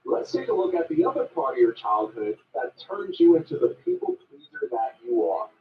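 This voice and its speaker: A man voicing a calm alter ego of himself who guides and explains. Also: medium pitch, moderate pace, roomy sound, faint music behind. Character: man's calm inner guide, a second self. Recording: dull sound from a distant mic.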